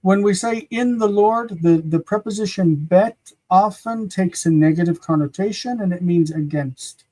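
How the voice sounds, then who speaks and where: A teacher hosting a live-streamed grammar lesson, explaining slowly and patiently with frequent pauses and repeating words aloud. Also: mid-range voice, mellow.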